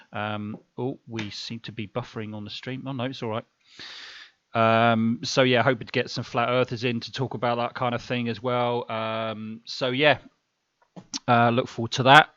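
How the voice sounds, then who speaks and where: A man's voice: medium pitch, little pitch movement, moderate pace, a bit bright, no room sound, lo-fi sound. Rambling man on a live stream. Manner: rambling, full of fillers and restarts. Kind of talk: casual live stream chat.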